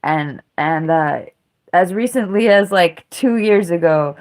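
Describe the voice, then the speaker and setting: A woman's voice: fairly low pitch, lively intonation, takes it slowly, darkish tone. A woman in her thirties livestreaming a casual monologue, rambling through a story with a self-mocking tone. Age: 30s. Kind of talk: casual live-stream monologue.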